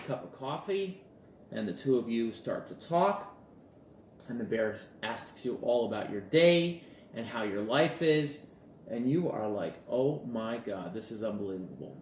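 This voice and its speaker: A man talks to his audience as a relationship coach in a relaxed, conversational way, and he slips into short acted-out lines of dialogue as he tells a story. His voice sits at an ordinary middle pitch. It echoes around the room, with faint ambience behind it. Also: measured pace, a little hiss or hum. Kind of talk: casual talk to camera.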